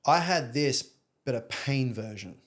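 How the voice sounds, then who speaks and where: Australian man, young adult, podcast guest, rambling storyteller, swears freely, mid pitch. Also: animated, unhurried. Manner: candid, profane, rambling storyteller. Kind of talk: casual storytelling interview.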